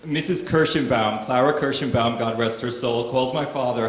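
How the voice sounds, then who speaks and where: A man's voice: medium pitch, moderate pace, reverberant. A man doing stand-up, telling family stories in a wry, casual and profane way. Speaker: stand-up comedian. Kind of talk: stand-up comedy storytelling.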